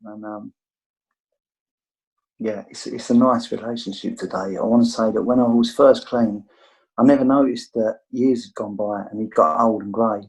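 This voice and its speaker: A man's voice: on the low side, steady tone, moderate pace, rough recording. A middle-aged English man with an English accent, telling his recovery story over a video call in a rambling, candid way full of fillers. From England. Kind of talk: casual storytelling.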